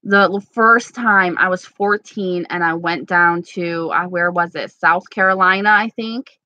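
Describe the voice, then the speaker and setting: A woman's voice: lowish voice, a little slow, pushed and bright, no room sound, muffled recording. A woman from New York, chatting casually and giggling as she rambles through viewer comments as a beauty vlogger. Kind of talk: casual live chat reading comments.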